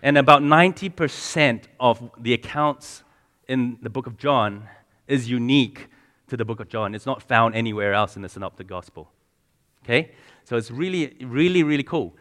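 A man delivers a sermon to a congregation, talking to them casually and quizzing them with questions along the way. He often stumbles, restarts and repeats words as he goes. His voice sits at an ordinary pitch and carries a long reverb from a large hall. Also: moderate pace, a bit bright. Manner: conversational, asks the congregation questions. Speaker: preacher.

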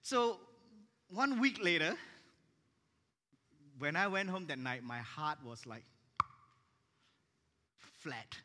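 Man pastor, animated sermon storyteller, bright voice, long reverb of a church hall. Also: a little high, takes it slowly, pauses often. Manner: animated, acts out dialogue in his stories.

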